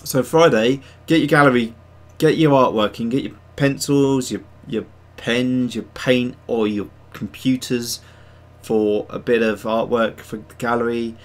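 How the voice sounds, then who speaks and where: A man's voice: medium pitch, steady tone, unhurried. Rambling man chatting on a stream. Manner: rambling, self-mocking, reads chat aloud. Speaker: host of a digital sculpting stream. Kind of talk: casual livestream chat.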